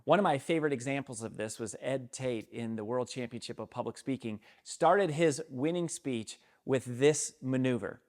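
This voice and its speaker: A middle-aged man, a speaking coach, giving an energetic, emphatic talk to camera on how to open a speech. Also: medium pitch, moderate pace, few pauses. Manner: energetic, emphatic, acts out sample openings.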